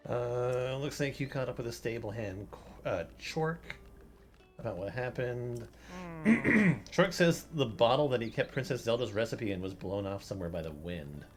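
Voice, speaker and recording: A man's voice: medium pitch, expressive, measured pace, long pauses. A man streaming a video game, chatting casually, laughing often and swearing now and then. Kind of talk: casual gameplay commentary. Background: game music.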